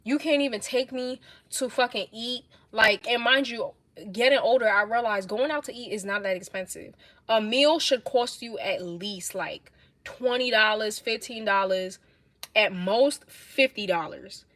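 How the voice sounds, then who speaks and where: A young woman with a New York accent, livestreaming and telling blunt, animated stories in casual chat. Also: on the high side, unhurried, no echo. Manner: blunt, animated, swears a lot.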